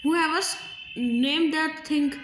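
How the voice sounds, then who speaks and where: A woman with doing excitable live game commentary, with dramatic outbursts and sing-song humming. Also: high voice, takes it slowly, a little hiss or hum. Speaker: gaming vlogger.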